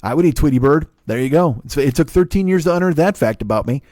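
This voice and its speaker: A man's voice: fairly high pitch, expressive, fast, a little mellow, no room sound. Comedian guy in his 40s riffing solo on his podcast, cussing nonstop, dead dry close mic. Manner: profane, riffing, self-interrupting with asides and laughs. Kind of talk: rambling stand-up style monologue.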